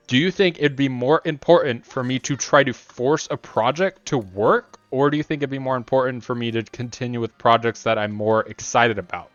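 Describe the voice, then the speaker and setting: A man chatting loosely with his stream while he plays, wandering from thought to thought with a joking, bantering tone. His pitch sits in an ordinary middle range. The audio is dull and a bit lo-fi. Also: a bit bright, no echo. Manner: rambling, joking, talks to chat and scolds the monster. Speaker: game streamer. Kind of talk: casual live-stream chat while playing.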